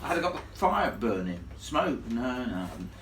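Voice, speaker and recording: A man telling a ghost story live to an audience in a chatty, animated way, laughing along with the crowd. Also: mid-range voice, normal speed, a little hiss or hum. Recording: echoey room, from far off.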